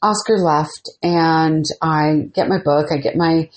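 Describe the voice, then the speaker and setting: Podcast host, female, lower register; easygoing storyteller who performs the dialogue. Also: slow. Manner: animated, acts out quoted dialogue. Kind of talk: casual storytelling.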